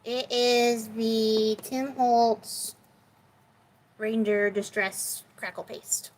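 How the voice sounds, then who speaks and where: A woman hosts a crafting video from her home craft room, chatting casually with self-deprecating humor while she works. Her slightly high voice stays fairly even and extremely slow, and the recording is rough.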